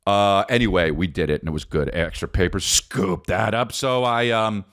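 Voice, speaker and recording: A man hosting a podcast as a comedian, rambling through a profane, animated comic monologue and calling the listener dude. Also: sits low, moderate pace.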